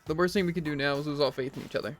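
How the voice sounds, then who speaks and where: Male streamer: rapid reader, voice sits a bit high, voices all characters himself, quips between lines, faint game music under him. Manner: reads every character's lines himself, with jokey asides. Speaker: streamer reading a visual novel aloud. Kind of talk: let's play, reading game dialogue aloud.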